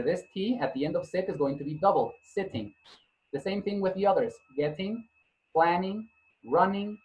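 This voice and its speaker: A man's voice: sits high, a little mellow, muffled recording, slight background noise. A male English teacher giving a grammar lesson, patiently repeating points, spelling out letters and correcting himself as he goes. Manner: corrects himself mid-sentence.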